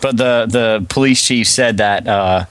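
A man's voice: on the low side, measured pace, a bit bright, clean tone, no room sound. A man co-hosting a podcast in a casual chat, retelling odd news stories and chuckling often.

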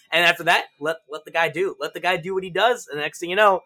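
A man with a bright, slightly high voice tells stories in a loose podcast chat. He swears freely and jumps into loud, mocking impressions of range instructors. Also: fast, few pauses. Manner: animated storyteller, swears freely, acts out shouting instructors. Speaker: podcast guest. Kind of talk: casual interview chat.

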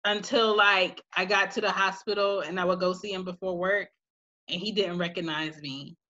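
A woman in a casual chat who speaks haltingly, with lots of fillers and restarts. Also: on the low side, steady tone, bright, forceful tone. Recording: dull, muffled sound.

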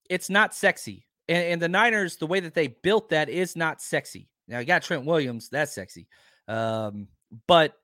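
Hoarse, emphatic man hosting a podcast. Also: fairly high pitch, dry recording, clean studio sound. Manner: animated, emphatic, argumentative. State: slightly hoarse from talking. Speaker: podcast host. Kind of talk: casual sports podcast talk.

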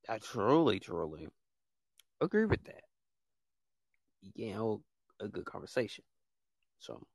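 Clean studio audio with no room sound captures a podcast host's ranting monologue, blunt, fed-up, repetitive, and full of casual slang. The man speaks in a voice on the low side with a fairly bright tone.

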